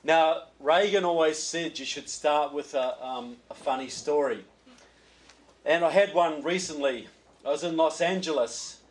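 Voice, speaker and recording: This guest speaker at a reception, a New Zealander with a voice on the high side, delivers a political speech at a measured pace. His style is folksy, with joking asides and repeated words at the start of phrases, and the recording quality is low.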